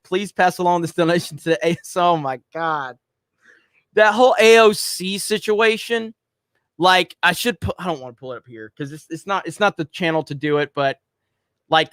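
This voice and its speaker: A man's voice: fairly high pitch, a bit bright, smooth, no echo, studio quality. Rambling man hosting a livestream. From United States. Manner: loose and rambling, many fillers, reads viewer messages aloud. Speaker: livestream host reading super chats. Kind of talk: casual livestream chat.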